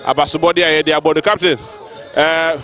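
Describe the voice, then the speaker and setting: A man making halting public remarks at a festival, switching between English and Twi with many fillers. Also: a little high, flat delivery, fairly bright tone, some chatter behind. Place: outdoor festival grounds.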